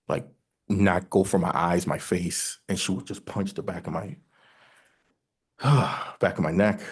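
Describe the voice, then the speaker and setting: A man testifying at a hearing, recounting events in a halting, hesitant way that often breaks off and restarts. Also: low voice, a little mellow, slightly rough.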